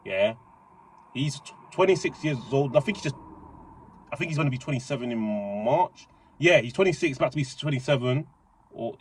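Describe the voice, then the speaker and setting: A young man giving casual, excitable commentary, rambling with slang and frequent restarts. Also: medium pitch. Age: young adult. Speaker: reaction channel host.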